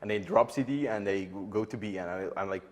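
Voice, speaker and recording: A Serbian-accented man breaks down a match in English, his second language. His voice is fairly low, and he tells the story animatedly, with lots of filler words. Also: fast. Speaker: esports analyst. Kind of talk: studio analysis chat.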